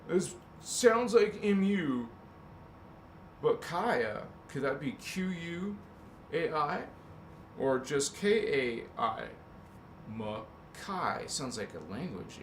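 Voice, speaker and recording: In an echoey room with a touch of background noise, a man with a mid-range voice hosts a spiritual livestream. He rambles and muses aloud, cracking jokes and swearing while he sounds out a word.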